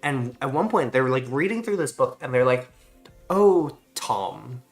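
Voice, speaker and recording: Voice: medium pitch, expressive, a little fast, soft background music. A streamer chatting casually while gaming, ranting in a rambling, profane way.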